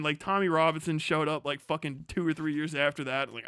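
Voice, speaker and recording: A man's voice: fairly high pitch, expressive, fairly quick, fairly bright tone, clear, resonant tone, no room sound, studio quality. Profane, rambling man ranting on stream. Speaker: livestream host. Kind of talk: casual stream rant.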